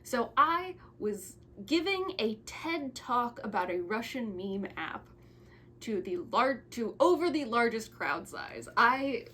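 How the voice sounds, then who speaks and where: A woman's voice: a little high, very animated, takes it slowly, fairly bright tone. A twenty-year-old woman hosting a casual thank-you video, rambling with frequent restarts and stumbles, sentimental in tone. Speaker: YouTuber.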